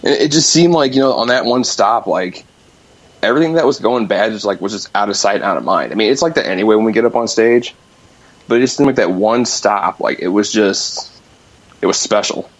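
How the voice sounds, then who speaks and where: Fast-talking husky young man on a call. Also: on the low side, lively intonation. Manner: rambling, many fillers, quick. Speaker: guest musician calling in. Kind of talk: casual storytelling. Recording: dull lo-fi call-in line.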